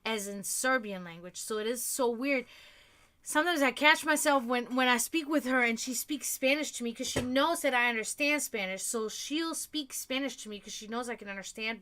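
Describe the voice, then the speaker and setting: Bright, chatty woman streamer from Germany. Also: fairly high pitch. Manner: chatty and rambling, with frequent restarts. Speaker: livestream host. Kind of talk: casual chat.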